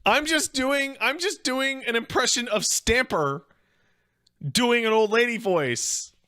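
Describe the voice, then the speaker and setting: A man hosting a casual reaction show, swearing freely, laughing loudly and rambling in asides. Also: very high-pitched, slow, no echo, studio quality. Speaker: host reacting to videos.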